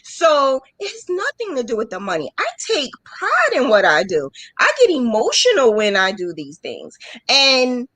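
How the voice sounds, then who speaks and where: A woman in a casual live stream talks with feeling about her crochet work. Her voice is bright and animated, rising and falling a lot, and she acts out little quotes. The sound is close and dry. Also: high voice, normal speed, dry recording, poor audio. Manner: animated, emotional storytelling with acted-out quotes. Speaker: crochet business mentor, graph designer.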